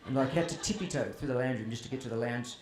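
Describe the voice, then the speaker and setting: Rapid-fire and medium-pitched, a man regales a festival crowd with humorous tales of his family, poking fun at himself in a chatty way. The audience can be heard in the background of the spacious hall or tent, with faint ambience.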